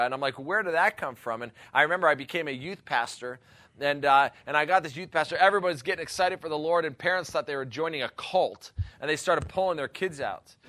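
A man's voice: fairly high pitch, bright, forceful tone, no echo. A male pastor giving an earnest, rambling teaching talk on missions, often laughing and exclaiming.

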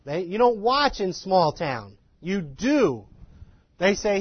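A man giving an informal, animated and self-deprecating lecture to a live class of ministry students, in a folksy manner. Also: sits high, unhurried, no echo, highs cut off. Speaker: ministry trainer.

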